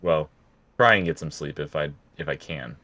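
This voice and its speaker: A man playing a tabletop game, relaxed as he describes his character's actions. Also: rumbling low, normal speed, dry recording. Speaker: player. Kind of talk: casual tabletop play.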